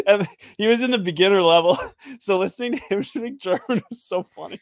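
A man's voice: high voice, expressive, fairly quick, dry recording. A man from Canada, co-hosting a podcast in easygoing casual chat and laughing readily. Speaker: podcast co-host.

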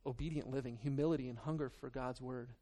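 A man's voice: medium pitch, steady tone, quick pace, warm tone. A man preaching a sermon to his church, reading scripture, then talking in a loose, earnest way with many restarts and fillers. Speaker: pastor.

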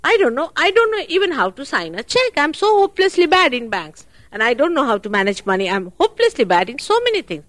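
A woman giving a spiritual talk at a public program, animated and full of rhetorical questions. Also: high voice, quick pace, hardly any pauses, no room sound. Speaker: spiritual teacher.

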